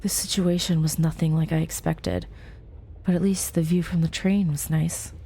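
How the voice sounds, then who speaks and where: A woman's voice: sits low, steady tone, moderate pace, dark tone, slightly rough. A young woman playing a story game, reading its text aloud with chatty, giggly asides. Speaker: let's play host.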